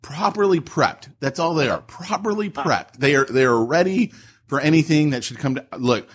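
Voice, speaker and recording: A man in his thirties co-hosting a podcast, telling jokey stories in casual banter and jumping up high when he quotes people. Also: brisk. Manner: jokey storytelling, voices quotes with big pitch jumps. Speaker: podcast co-host.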